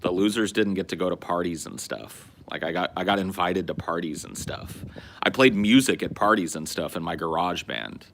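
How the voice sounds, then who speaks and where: Low-voiced, bright-toned man from California. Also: normal speed, slight background noise. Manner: loose, profane storytelling with frequent restarts. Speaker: podcast host. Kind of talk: casual chat.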